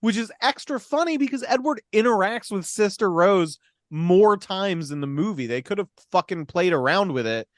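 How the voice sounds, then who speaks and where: A man with a fairly high voice recaps a film, slipping into quick impressions of the characters and cursing freely. The recording is close and dry, with no room sound around him. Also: dry recording. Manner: animated, profane, laughs often. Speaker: podcast co-host recapping a film. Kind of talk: casual retelling, acting out lines.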